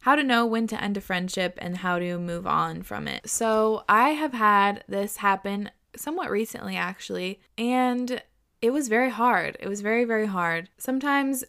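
A woman's voice: mid-range voice, normal speed, a bit bright, smooth. A young woman in her twenties hosting a podcast, giving casual, candid advice in a chatty way, full of "like" and the odd swear word. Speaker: podcast host.

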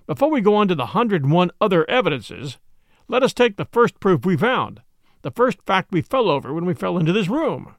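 A man's voice: high-pitched, big pitch swings, brisk, no echo, clean studio sound. A man voicing a haughty, impatient doctor and criminologist with a sneering manner.

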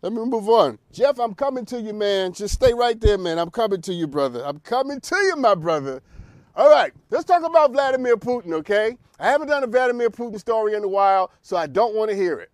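A man's voice: high voice, lively intonation, quick pace, hardly any pauses, darkish tone, no echo, clean studio sound. A man hosting a talk show, delivering an opinionated monologue full of emphatic rhetorical questions and repeated phrases. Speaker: radio show host.

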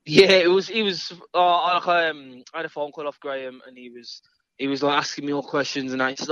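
A man's voice: a little high, steady tone, fairly quick, fairly bright tone, no echo, dull audio. A man, a guest in an interview, talking in an easygoing, rambling way and repeating his words. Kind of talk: casual interview chat.

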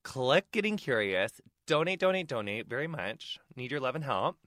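A male podcast host with a playful, campy manner. His voice rises and falls in a lively, animated way. The recording is close and dry, with no room sound. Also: mid-range voice, moderate pace, dry recording. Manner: playful and campy, calls listeners honey. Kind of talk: casual podcast chat.

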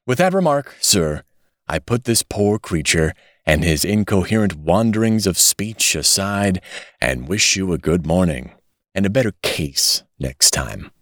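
A man voicing a smooth, scheming gentleman villain, composed and polite. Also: low voice, lively intonation, measured pace, dry recording, studio quality. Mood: cold.

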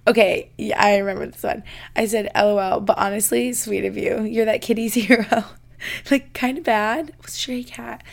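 Chatty young woman with a creaky voice. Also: mid-range voice, steady tone, normal speed. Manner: chatty, says "like" constantly, laughs while reading. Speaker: podcast host reading listener confessions. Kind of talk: casual chat.

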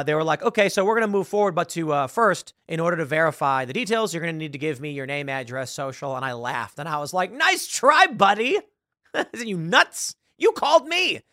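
A man with a fairly high, voice tells a story in a sarcastic, lively way and puts on the voices of the people he quotes. The sound is dry and close, with no room echo. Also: fast. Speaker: podcast host. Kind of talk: casual commentary.

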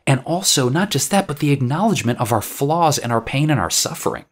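A man's voice: medium pitch, lively intonation, a little fast. A man co-hosting a podcast, talking in an earnest, philosophical way in casual chat. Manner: earnest and philosophical, ranging into rants. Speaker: podcast co-host.

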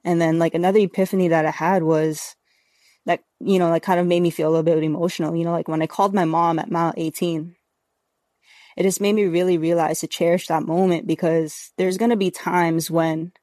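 A woman's voice: on the low side, a little mellow, no room sound, clean studio sound. A woman talking earnestly as a podcast guest, rambling with many fillers. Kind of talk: casual interview talk.

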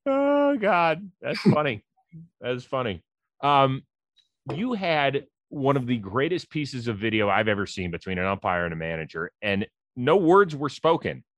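Male host, animated pitch, dry mic. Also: measured pace, dry recording. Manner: responsive, laughs along, mimics quotes. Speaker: podcast host. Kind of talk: casual interview chat.

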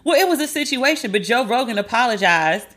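A woman's voice: fairly high pitch, a little fast. Sassy, profane woman podcast host. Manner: animated, profane, sassy and emphatic. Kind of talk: casual celebrity gossip commentary.

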